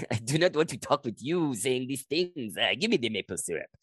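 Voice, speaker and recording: A man's voice: medium pitch, big pitch swings, normal speed, fairly bright tone, husky, dry recording, voice pushed up. A man voicing a chatty male French-Canadian bar regular with a Quebec French accent, speaking in broken English with friendly prodding. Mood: teasing.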